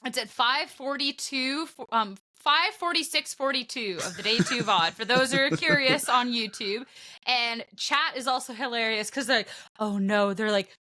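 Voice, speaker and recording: A young woman with a high, bright voice recounts a story in casual podcast chat. She talks animatedly and keeps breaking into laughter. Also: moderate pace. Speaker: podcast co-host and broadcast commentator.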